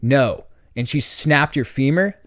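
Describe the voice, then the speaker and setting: A man's voice: mid-range voice, measured pace, no echo, clean studio sound. A young man hosting a solo comedy podcast, telling a rambling story with lots of fillers and laughter. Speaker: podcast host.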